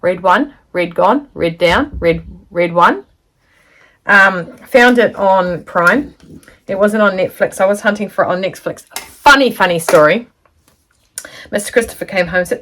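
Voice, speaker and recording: A woman's voice: medium pitch, unhurried, fairly bright tone. A middle-aged woman chatting casually through a sewing tutorial, rambling into stories and asides. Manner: chatty, rambling, full of asides and little laughs. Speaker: sewing vlogger.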